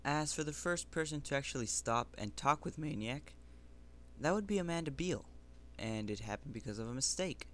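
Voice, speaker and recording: A man's voice: medium pitch, animated, normal speed, fairly bright tone, slight background noise. A man reading a children's novel aloud in an amateur audiobook, with plain, earnest storytelling. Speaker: reader.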